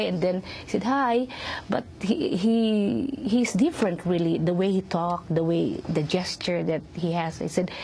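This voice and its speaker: A middle-aged woman recounting a personal story in an interview, her voice low-pitched and mellow. She speaks haltingly, restarting and repeating words, and acts out the lines of others. A faint hiss sits under the recording. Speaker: interview guest. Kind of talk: emotional personal testimony.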